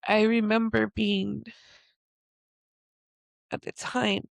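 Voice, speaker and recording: A woman podcast host slowly telling a personal, emotional story in a confessional way. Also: mid-range voice, little pitch movement, creaky, no room sound.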